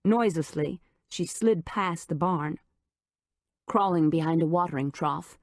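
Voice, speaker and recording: Woman audiobook narrator, slow, lowish pitch, dry close recording. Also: a little mellow, no room sound. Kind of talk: scripted narration.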